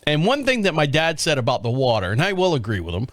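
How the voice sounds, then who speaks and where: A man's voice: on the high side, wildly swooping pitch, fast, dry recording, studio quality. A middle-aged man hosting a podcast, telling a casual story in a rambling way with restarts and chuckles. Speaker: podcast host.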